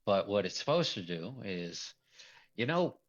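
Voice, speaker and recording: A man's voice: lowish voice, big pitch swings, unhurried, muffled recording. A man running a tabletop role-play as game master, talking in a loose, rambling way and laughing often.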